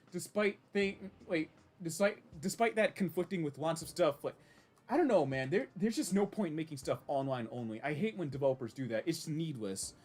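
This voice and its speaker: A man casually chatting while streaming a game, rambling and reacting with many restarts. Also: high-pitched. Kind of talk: casual live-stream commentary.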